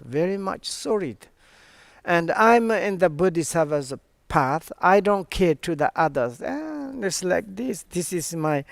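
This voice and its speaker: A man giving a Buddhist teaching in halting, non-native English full of restarts, earnest and explanatory. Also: fairly high pitch, dry recording. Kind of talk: Dharma teaching seminar.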